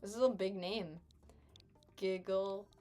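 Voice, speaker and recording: A woman's voice: mid-range voice, fairly even intonation, slow, warm tone, faint music behind. A young adult woman chatting casually with her live stream chat while gaming, sarcastic and chatty.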